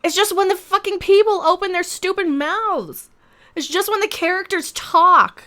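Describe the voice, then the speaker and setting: Sarcastic woman ranting thru a live reaction stream, real high voice, swears a lot. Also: normal speed, fairly bright tone. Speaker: reaction video host.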